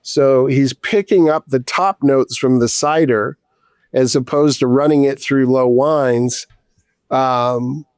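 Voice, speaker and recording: A man's voice: medium pitch, mellow, smooth, no echo, studio quality. Rambling middle-aged man telling a story. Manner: rambling, with many restarts and casual swearing. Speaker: distiller guest. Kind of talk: casual storytelling.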